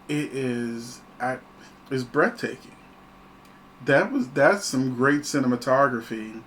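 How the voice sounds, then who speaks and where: Male host, casual animated film reviewer, average pitch, slight background hiss. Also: rough recording. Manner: animated, chatty, laughs often.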